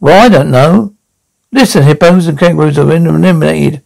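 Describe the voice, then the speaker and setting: Playing a brash old London nan for a TV sketch, a woman goes full character voice, mocking, heckling, taunting and name-calling everyone with rude, foul-mouthed cheek. Her voice sits low, gravelly and darkish at a moderate pace, and the audio is poor.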